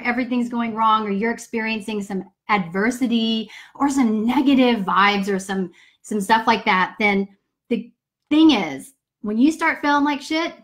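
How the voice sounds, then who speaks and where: A woman's voice: on the high side, a bit bright. A woman, casually answering viewer questions on a live stream from her home office, upbeat and chatty with some swearing. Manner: upbeat, chatty, greets viewers mid-sentence; casual swearing and folksy "y'all". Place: home office with pets nearby. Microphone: computer or phone for a live stream.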